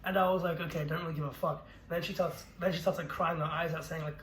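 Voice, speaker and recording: A young man co-hosts a podcast, his voice a little high, fairly even in intonation and a bit bright. He tells a story in casual chat, brisk and swearing freely, laughing through it. The recording has a roomy echo and faint noise.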